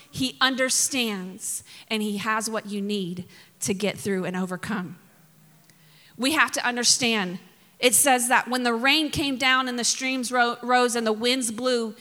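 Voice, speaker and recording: A woman's voice: on the high side, measured pace, bright, forceful tone, long reverb tail. A woman pastor from Mississippi preaching a sermon, telling funny stories with laughs and sudden emphatic bursts.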